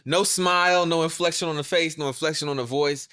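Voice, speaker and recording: A man's voice: fairly high pitch, steady tone, a little fast, pushed and bright, smooth. A man co-hosting a podcast in casual chat, teasing and laughing often. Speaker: podcast co-host.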